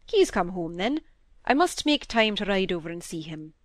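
A woman's voice: mid-range voice, sing-song, normal speed, dry recording, natural voice. A dry, practical middle-aged doctor speaking with a wry edge, read by a woman in an audiobook. The recording is close and dry. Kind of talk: audiobook reading.

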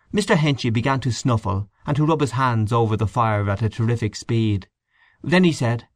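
Expressive male audiobook narrator. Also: medium pitch, fairly quick, dry recording, clean studio sound. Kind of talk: audiobook narration of a short story.

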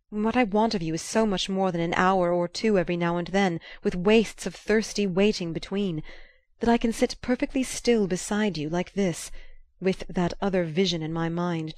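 A woman's voice: mid-range voice, a little mellow, dry recording, lightly acted. Woman reading as an earnest young man. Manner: urgent, pleading. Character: young man, earnest, passionate, restless lover. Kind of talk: audiobook character reading.

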